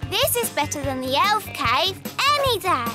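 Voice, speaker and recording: A tiny fairy girl with a very high, bouncing voice that jumps all over. She talks slowly and excitedly, full of childlike glee, over loud tinkling cartoon music. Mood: playful. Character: small fairy princess girl, playful.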